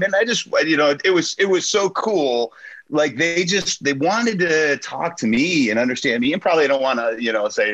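A man's voice: on the high side, sharp tone. Rambling man telling a story, lo-fi. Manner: rambling storyteller, many fillers. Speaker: podcast guest. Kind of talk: casual chat.

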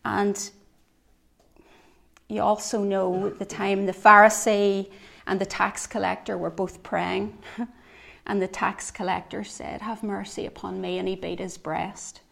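A woman giving a devotional sermon, earnest, swinging between soft reflective lines and emphatic ones. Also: mid-range voice, little pitch movement, takes it slowly, creaky, long pauses. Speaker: preacher.

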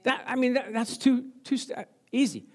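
A man's voice: extremely high pitch, moderate pace. A middle-aged male pastor preaching a sermon, telling stories with laughter and frequent praise interjections.

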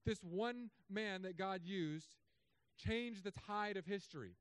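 Pastor, male, 30s, high voice, dry close sound, joking sarcastic sermon delivery. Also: slow, clean tone, dry recording. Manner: humorous, sarcastic asides with animated swings.

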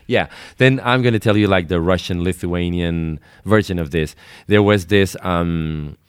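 A man's voice: deep voice, measured pace, clean tone, dry recording, studio quality. A man co-hosting a radio show, telling a rambling story with lots of fillers and laughs. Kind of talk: casual chat.

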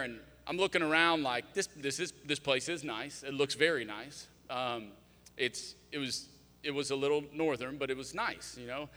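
A man preaching a sermon, telling a comic story with lively, animated delivery. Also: medium pitch, in a large hall. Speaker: pastor. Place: large church hall.

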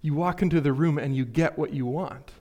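A man preaching a sermon, voicing the calm words of a male guide in a story. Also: on the high side, a little fast, lightly acted.

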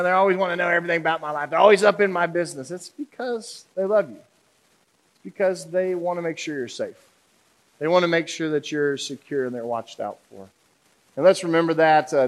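High-voiced joking male pastor. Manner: humorous, conversational, audience questions. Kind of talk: sermon.

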